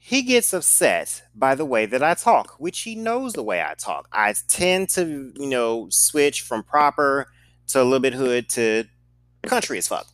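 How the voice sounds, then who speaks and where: A man's voice: medium pitch, big pitch swings, unhurried, fairly bright tone, no room sound. A man with a slight Southern accent telling a casual storytime in a blunt, profane and sarcastic way. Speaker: podcast host telling a story.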